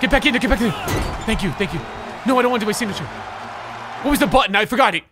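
A man streaming a video game live, panicking and shouting at the screen, then muttering the on-screen instructions to himself. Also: high voice, very fast. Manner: excitable, yelling in panic at the game; mutters instructions under his breath. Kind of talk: live gameplay commentary. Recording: game music behind the voice. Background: game music.

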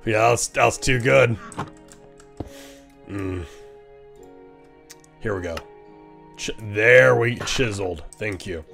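A man streaming a game, giving casual, excitable commentary, laughing often and teasing other players. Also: fairly low pitch, slow, creaky, pauses often, faint music behind.

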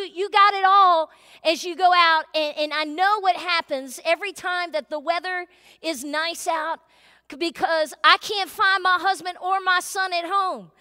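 Bright high-voiced woman preaching. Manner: chatty, animated, acts out family voices. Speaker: pastor. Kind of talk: sermon storytelling. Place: church sanctuary. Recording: long hall reverb.

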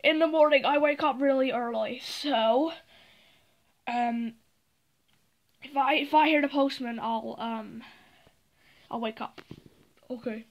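Very high, slow woman doing plush play. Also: lo-fi sound. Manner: halting, with many fillers. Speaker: plush video maker. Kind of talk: plush toy role-play.

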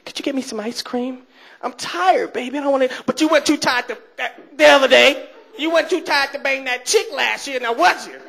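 A sleepy girlfriend wheedling in a high, whiny voice, put on by a male comic, sweetly coaxing one moment and needling the next. She sounds sly and teasing. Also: expressive, measured pace, pauses often, breathy edge, heavily acted.

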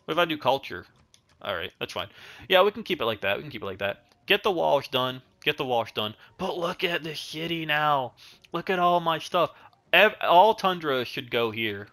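A man's voice: a little high, animated, moderate pace, sharp tone. A young man giving rambling, casual commentary while he plays a strategy game, chatting at his units. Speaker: gaming channel host.

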